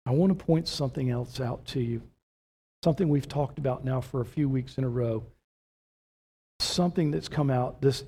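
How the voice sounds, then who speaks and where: Slow and measured, yet animated, a pastor works through his sermon with rhetorical questions that build to emphatic points. He has a slightly rough, mid-range voice.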